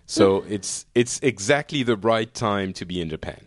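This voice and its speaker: A man's voice: lowish voice, expressive, moderate pace. A man from France, hosting a casual call-in chat show, talking in a chatty way with many fillers and restarts. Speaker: podcast host.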